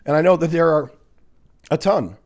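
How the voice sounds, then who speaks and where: A man's voice: fairly high pitch, normal speed, a little mellow. Blunt, profane man ranting on a livestream. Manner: blunt, profane, sarcastic, laughs at commenters. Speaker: livestream host reading viewer comments. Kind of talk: casual livestream rant.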